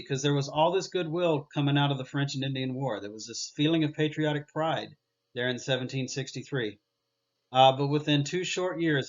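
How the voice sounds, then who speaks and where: A male history teacher lectures in an easygoing, conversational way, and his voice sits at an ordinary middle pitch. He often stops on filler sounds and restarts his sentences. The recording is slightly dull and lo-fi.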